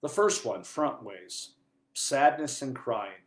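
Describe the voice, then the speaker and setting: A priest giving an earnest sermon, moving between quiet, hushed passages and loud, emphatic ones. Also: male voice, mid-range voice, lively intonation, slow pace. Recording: echoey room.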